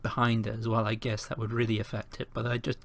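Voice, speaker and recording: A man's voice: lowish voice, monotone, quick pace, vocal fry. Opinionated man hosting a podcast. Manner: opinionated, emphatic. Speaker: podcast host. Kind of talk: casual podcast chat.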